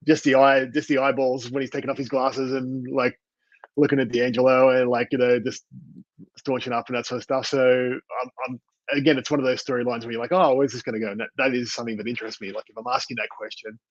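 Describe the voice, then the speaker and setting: A man's voice: mid-range voice, level tone, fairly quick, dry recording, highs cut off. A man co-hosting a wrestling review podcast in casual chat, rambling with many fillers and restarts. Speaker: podcast co-host.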